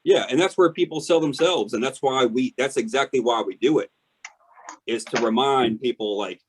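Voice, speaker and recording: A man's voice: mid-range voice, moderate pace, breathy edge. A man coaching salespeople emphatically on a team call. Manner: emphatic, direct coaching with "y'all". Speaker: sales trainer.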